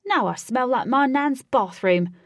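Lady doing a jumpy young fella, shrill and loud, in a storybook, kinda husky underneath. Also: animated, measured pace, no room sound, studio quality, heavily acted. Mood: startled. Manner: loud, high-pitched exclamations. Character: excitable young man, easily startled.

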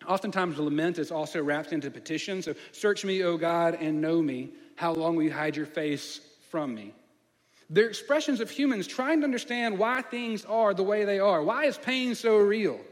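A man delivers a sermon as a pastor, his voice sitting high for a man. He keeps turning to the listeners with questions and slips into the voices of the people he describes. A long reverb trails each phrase, as in a large hall. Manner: preaching with rhetorical questions and acted-out voices.

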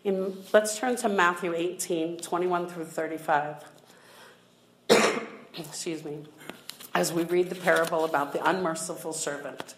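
A woman's voice: on the low side, fairly even intonation, measured pace, long pauses, roomy sound, background noise. A woman preaching a sermon, reading scripture aloud in an earnest, emphatic way.

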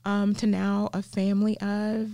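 A woman's voice: mid-range voice, unhurried, vocal fry, dry recording. Earnest Southern woman teaching scripture. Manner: earnest, animated, many ums and restarts. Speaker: guest Bible teacher. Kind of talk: faith podcast interview.

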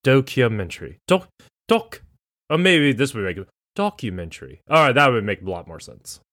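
A man's voice: mid-range voice, very animated, brisk, pushed and bright, no room sound, clean studio sound. A man co-hosting a podcast, casual and playful, teasing and sounding words out. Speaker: podcast co-host. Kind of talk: casual chat.

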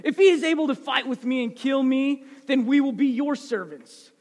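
A man's voice: extremely high pitch, lively intonation, moderate pace. A man voicing a huge boastful giant warrior who bellows a challenge across a battlefield, within a sermon. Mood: taunting. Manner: loud shouted challenge. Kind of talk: sermon storytelling. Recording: echoey hall.

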